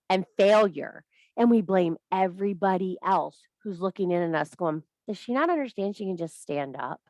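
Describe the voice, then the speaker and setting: A woman's voice: medium pitch, no room sound, rough recording. Blunt, profane woman teacher. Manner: profane, blunt, tough-love, laughs at herself. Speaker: spiritual course teacher. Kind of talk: blunt motivational talk to a group.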